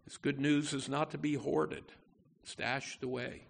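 A man preaching a sermon as pastor, emphatic, with wide swings in pitch and loudness. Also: little pitch movement, measured pace, vocal fry, a little hiss or hum.

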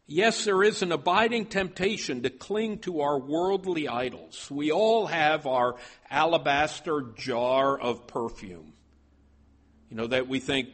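A man's voice: on the high side, measured pace, a bit bright. A male pastor preaching a sermon, stopping often and repeating his words as he goes.

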